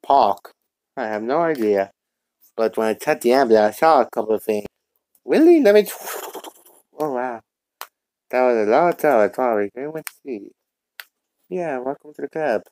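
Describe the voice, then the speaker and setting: A young man dubbing a fan comic and reading every part himself, with stumbling, halting lines and many restarts. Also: mid-range voice, a little mellow, no echo. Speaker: voice actor doing all the parts.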